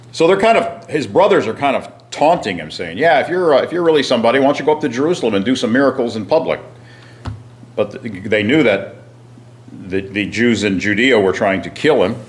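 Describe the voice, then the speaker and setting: A man teaching a Bible class, reading scripture aloud and asking his listeners questions, often clearing his throat. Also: low voice. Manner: frequent throat clearing and restarts.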